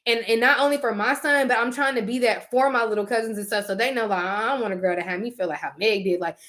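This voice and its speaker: A woman's voice: on the high side, fast talker. A young woman, chatting casually and expressively to her viewers. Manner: chatty, expressive, Southern US slang. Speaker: vlogger. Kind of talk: casual chat to camera.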